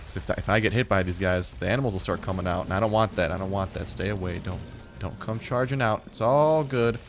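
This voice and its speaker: A man's voice: sits low, quick pace, faint music behind. A young man giving upbeat, chatty gameplay commentary as a gaming YouTuber, talking to the animals on screen.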